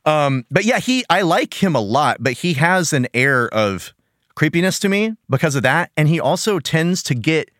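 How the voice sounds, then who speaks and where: A man's voice: a little high, big pitch swings, moderate pace, a bit bright, dry recording, clean studio sound. A young man hosting a casual podcast, talking animatedly, laughing often and acting out character voices. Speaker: podcast host. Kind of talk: casual chat about a cartoon.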